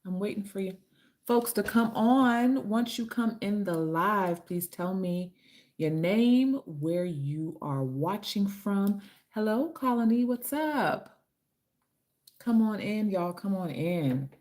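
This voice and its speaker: A woman's voice: medium pitch, animated, takes it slowly, darkish tone. A woman hosting a casual livestream from her home, chatty and affectionate, greeting viewers by name and calling them honey. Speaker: livestream host and author. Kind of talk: casual live-stream chat. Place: home with kitchen and ring light.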